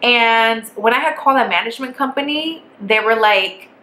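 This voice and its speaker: A young woman rattles through a casual storytime, animated and full of profanity, sounding fed up. Her voice is bright and sharp. The room is echoey, with a faint hiss underneath. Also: a little high, normal speed. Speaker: vlogger.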